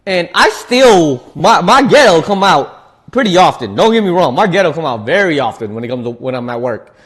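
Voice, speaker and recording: A man's voice: fairly high pitch, sing-song, normal speed, fairly bright tone. A man streaming, chatting casually while he eats, laid-back and slangy, often repeating his words. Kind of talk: casual chat while eating.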